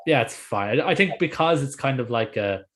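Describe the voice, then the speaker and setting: A young man co-hosting a film podcast, telling stories in a lively, swearing, casual way. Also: medium pitch, fairly quick. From Ireland. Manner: animated, swears freely, tells stories. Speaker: podcast co-host.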